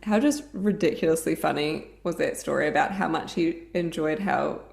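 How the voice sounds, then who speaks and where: A woman co-hosting a fan podcast, chatting casually and gushing with excited little noises. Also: deep voice, moderate pace, vocal fry, roomy sound. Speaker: podcast co-host.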